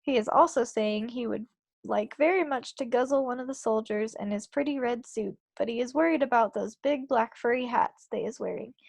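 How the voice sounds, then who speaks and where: Woman reading a soft-hearted big giant, garbled grammar, slightly high, gravelly, dry sound. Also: moderate pace, dry recording. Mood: matter-of-fact. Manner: ungrammatical speech full of made-up words. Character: big gentle male giant, sad and kindly. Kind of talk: reading a children's book aloud.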